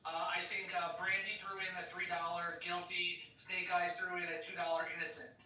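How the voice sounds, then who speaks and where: Low-voiced hesitant woman in an echoey room. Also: level tone, a little fast, sharp tone. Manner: hesitant, with many fillers. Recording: very echoey room far from the mic.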